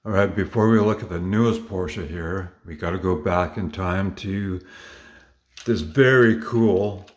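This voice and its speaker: Low-voiced guy rambling happily about his collection, lots of uhs and little corrections. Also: measured pace. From Canada. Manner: enthusiastic, rambling with fillers and self-corrections. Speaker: collector showing model cars. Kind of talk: casual show-and-tell.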